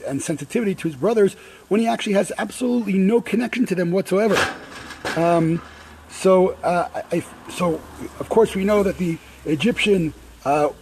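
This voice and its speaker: High-voiced man giving a casual Torah talk. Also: a little mellow, a little hiss or hum, low-quality recording. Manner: conversational, many restarts and asides. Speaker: Torah teacher. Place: outdoors by a grill.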